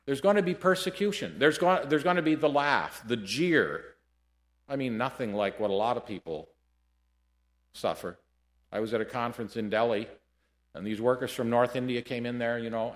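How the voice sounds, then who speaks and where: A man delivering a sermon in an easy storytelling manner. His voice sits at a middling pitch and swings between quiet, low passages and loud, emphatic peaks. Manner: storytelling, lively shifts between hushed and loud. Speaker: preacher. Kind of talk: sermon with anecdotes.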